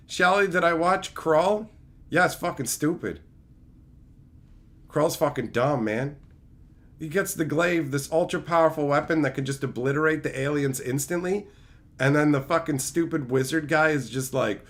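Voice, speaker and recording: A man with a notably high voice hosts a casual livestream. He answers viewer chat and tears into old movies with animated, profanity-laden rants. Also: moderate pace. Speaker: streamer.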